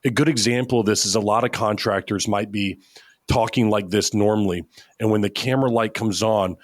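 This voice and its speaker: A man's voice: fairly low pitch, fairly even intonation, fairly quick, dry recording, clean studio sound. A man talking as a podcast guest, giving confident coaching advice in a casual chat. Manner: confident, coaching, acts out examples. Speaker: podcast guest, media company founder.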